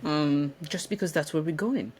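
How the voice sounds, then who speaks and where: A woman's voice: low voice, normal speed, darkish tone, slight background noise. A woman giving a casual spiritual self-development talk in a room, speaking reflectively with frequent restarts and ums. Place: indoor room.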